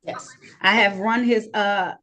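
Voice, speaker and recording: A woman judge presiding over virtual court proceedings on a video call, brisk and friendly, reading case numbers slowly and deliberately. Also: mid-range voice, fairly even intonation, pushed and bright.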